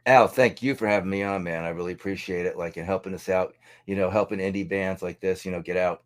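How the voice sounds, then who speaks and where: Man, very deep voice, rambling musician guest, lots of filler, podcast chat. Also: steady tone, quick pace. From New York. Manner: rambling, full of "you know".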